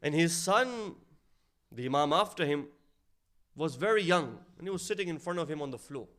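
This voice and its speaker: A man giving a sermon, telling a story and dropping to a hushed voice for its sad lines, then rising louder to stress his points. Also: lively intonation, moderate pace. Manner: storytelling, drops to a low hushed voice for sad quotes. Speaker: speaker at an Islamic centre.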